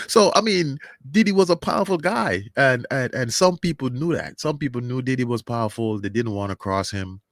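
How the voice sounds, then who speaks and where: A man's voice: medium pitch, animated, normal speed, no echo, studio quality. A man hosting his own commentary channel, talking casually and rambling with many restarts and fillers.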